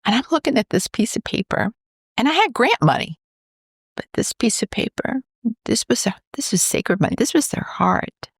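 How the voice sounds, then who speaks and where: A woman's voice: on the high side, normal speed, breathy edge, dry recording, studio quality. A woman from New York, a cancer researcher, telling a story in a podcast interview and acting out the voices of the people in it. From New York, USA. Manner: animated, acts out quoted dialogue.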